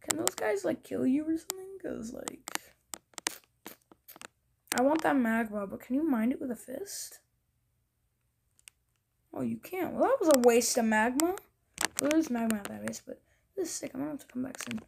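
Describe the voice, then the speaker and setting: Excitable young woman narrating her gameplay. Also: high-pitched, normal speed, vocal fry, long pauses. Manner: excitable, thinks aloud, drops to whispers. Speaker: gaming video creator. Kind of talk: casual gameplay commentary. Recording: faint background noise.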